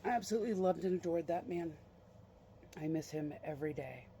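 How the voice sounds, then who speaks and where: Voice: medium pitch, a little fast, dark tone, slight background noise. A vlogger telling a family story in a casual, chatty and fond way.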